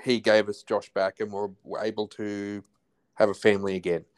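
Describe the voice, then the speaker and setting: Appearing as a podcast guest alongside his wife, the host, an Australian man in his forties talks casually with a smooth, lowish voice. His pitch barely moves, he speaks at normal speed, and he often restarts or trails off mid-phrase.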